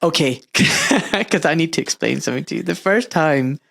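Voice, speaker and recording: A man's voice: a little high, animated, moderate pace, creaky, a bit bright, dry recording, studio quality. A man, a father, hosting a casual interview and telling candid, self-mocking stories. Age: adult father. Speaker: podcast host.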